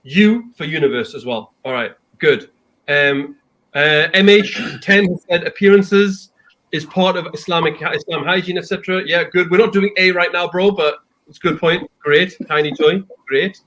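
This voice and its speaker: A man hosts a casual chat show. His voice sits slightly high. He sounds upbeat and encouraging and leans on fillers. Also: normal speed, fairly bright tone, poor audio. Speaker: host.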